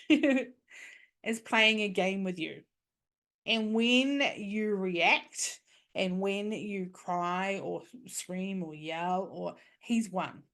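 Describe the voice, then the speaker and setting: A woman, hosting a podcast and giving casual, coaching advice, often checking in with "okay?". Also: medium pitch. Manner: chatty, coaching, frequent "okay?". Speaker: podcast host.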